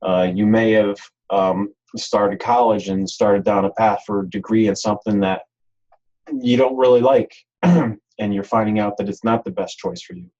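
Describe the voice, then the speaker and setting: Male webinar presenter, husky and breathy, loose and repetitive delivery. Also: lowish voice, fairly even intonation, moderate pace, darkish tone, lo-fi sound. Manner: rambling, repeats words, many ums. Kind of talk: unscripted webinar talk.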